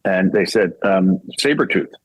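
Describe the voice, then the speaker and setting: A man's voice: on the low side, moderate pace, husky, no room sound, poor audio. An older man from Canada, a voice actor and singer, telling a casual story and acting out the voices he quotes, laughing often.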